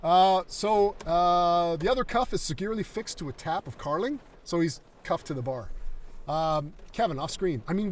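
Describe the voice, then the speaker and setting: A man's voice: high-pitched, normal speed, slight background noise. An enthusiastic man, mic a bit distant. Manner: enthusiastic, rambling with fillers. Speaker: concept artist and screenwriter. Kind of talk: livestream talk, reading a draft script.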